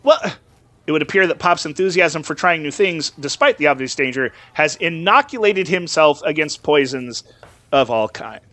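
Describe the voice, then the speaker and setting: A man's voice: a little high, lively intonation, moderate pace, fairly bright tone, dry recording. A man hosting a game playthrough, reading the game text aloud and joking about it. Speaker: gaming channel host. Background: game music.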